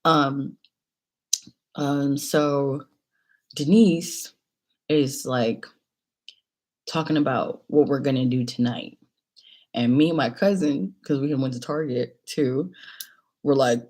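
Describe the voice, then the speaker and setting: A woman in her late twenties telling a casual, animated storytime about a night out, slipping into quoted voices and whispers. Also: extremely low pitch, slow pace, pauses often. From China. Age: late 20s. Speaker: vlogger.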